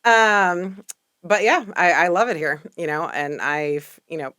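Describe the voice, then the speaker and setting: Low-voiced woman with a mixed Southern accent. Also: steady tone, a little slow, bright, forceful tone, dry recording, clean studio sound. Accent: mixed Texas and East Coast American. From Texas. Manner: rambling, many "you know" fillers. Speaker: podcast guest. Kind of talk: casual interview chat.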